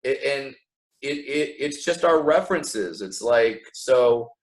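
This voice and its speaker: A man's voice: medium pitch, slow, poor audio. An American man talking casually on a podcast, stopping and restarting a lot and acting out quoted voices. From United States. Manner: animated, acts out quoted voices, frequent restarts. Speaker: guest comedian.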